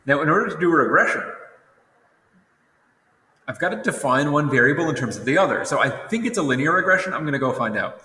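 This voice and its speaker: A man's voice: on the high side, expressive, quick pace, long pauses, bright, forceful tone. A tired young man teaching a recorded lesson in a casual, rambling way, often correcting himself. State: tired, yawning. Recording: roomy echo with long reverb.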